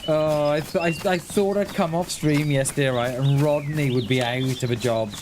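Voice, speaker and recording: A man's voice: on the high side, normal speed, background noise. Rambling man streaming a game. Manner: rambling, thinking aloud with frequent restarts and chuckles. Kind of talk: casual live-stream chat while gaming.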